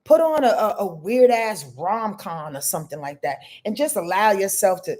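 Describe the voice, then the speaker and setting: Lively, expressive woman astrologer. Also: medium pitch, normal speed, few pauses. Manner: expressive, talks straight to viewers, greets chat by name. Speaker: astrologer hosting a live stream. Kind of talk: casual live-stream astrology reading.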